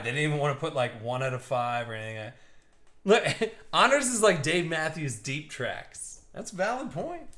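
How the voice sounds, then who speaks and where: A man in his thirties hosting a live card break stream, excited and joking with viewers. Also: fairly high pitch. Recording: echoey room.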